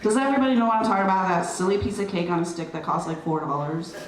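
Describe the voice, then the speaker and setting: A middle-aged woman speaking at an event, telling a personal story in an animated, chatty way with lots of fillers. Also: medium pitch, racing, a crowd in the background. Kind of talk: storytelling speech to a crowd. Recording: roomy, distant PA sound with light noise.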